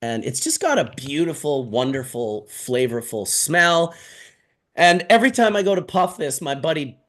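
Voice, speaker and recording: A man's voice: fairly high pitch, normal speed. A man hosting a casual show, joking and swearing freely as he chats with guests. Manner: animated, joking, swears a lot. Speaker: host. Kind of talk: casual chat.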